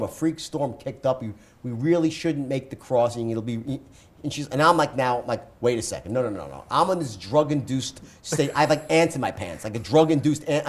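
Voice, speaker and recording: Fast-talking animated male storyteller. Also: mid-range voice. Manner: rapid, animated, acts out quoted voices. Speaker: guest speaker.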